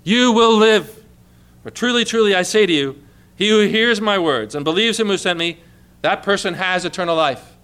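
Bright, high-voiced man preaching. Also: expressive, a little fast, clean tone. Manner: emphatic preaching, quoting scripture with rising fervor. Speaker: pastor. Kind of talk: sermon.

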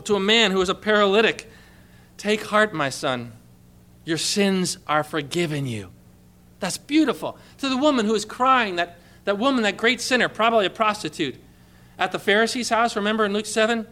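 A man preaching a sermon with passion, dropping to a hushed tone when quoting scripture. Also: high-pitched, brisk.

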